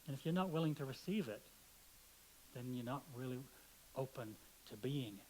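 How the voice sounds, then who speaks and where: A man's voice: medium pitch, rough recording. A middle-aged man preaching a sermon in a conversational, playful way, telling stories and acting out the voices in them. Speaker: pastor. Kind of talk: sermon with storytelling.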